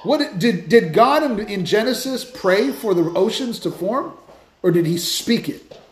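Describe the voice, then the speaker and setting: A man hosting a Christian podcast, telling stories in a lively, casual way with many restarts. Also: high voice, unhurried, roomy sound, slight background noise. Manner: animated storytelling with many restarts. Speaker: podcast host, Christian speaker. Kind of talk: casual faith talk.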